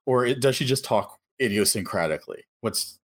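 A man of middle pitch co-hosting a relaxed film podcast. He keeps the chat moving with questions and recaps. He is from outside the United States. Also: fairly quick. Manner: asks questions and steers the discussion. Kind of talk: casual chat.

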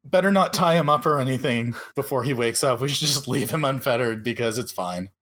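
A woman co-hosting a podcast, making wry, deadpan jokes as she recaps a film. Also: rumbling low, fairly quick. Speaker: podcast co-host. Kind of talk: casual movie recap chat.

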